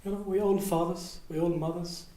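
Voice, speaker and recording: A man with a fairly high voice leads a seminar, telling stories from his own life. He acts out the dialogue, dropping low and then rising loud. The recording carries a roomy echo. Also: moderate pace, a little hiss or hum. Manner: animated, acts out dialogue with big swings in loudness. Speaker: workshop leader. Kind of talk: storytelling seminar talk. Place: seminar room at a retreat house.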